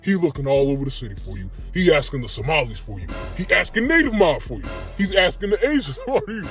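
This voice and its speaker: Male comic storyteller, high lively voice, faint music under it. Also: fast talker. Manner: animated, slangy, laughs while telling. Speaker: comedian telling a skit.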